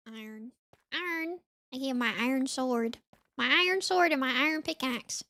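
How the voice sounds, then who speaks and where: A high, gravelly voice, pushed and bright, comes from a young Southern woman at a moderate pace with no room sound. Lightly accented and from Florida or Mississippi, this VTuber sounds congested and sniffly as she rambles on a game stream, saying "like" constantly.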